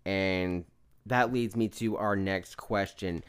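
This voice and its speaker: A man's voice: low voice, fairly even intonation, takes it slowly, clean tone. A man co-hosting a casual movie review podcast, talking in a loose, profane, enthusiastic way. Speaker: podcast co-host.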